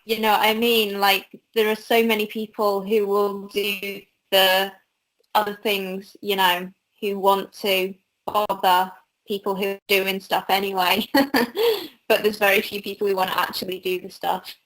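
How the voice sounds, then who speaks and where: A young British woman chats on a livestream, relaxed and full of fillers. She laughs softly between thoughts and talks in a loose, everyday way. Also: medium pitch, unhurried, poor audio. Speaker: host. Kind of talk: casual chat on a livestream.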